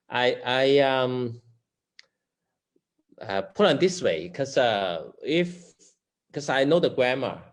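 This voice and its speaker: A man with a Chinese accent, a native Chinese speaker learning English, reading vocabulary words aloud haltingly, with many fillers. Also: mid-range voice, very animated. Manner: hesitant, many fillers and restarts.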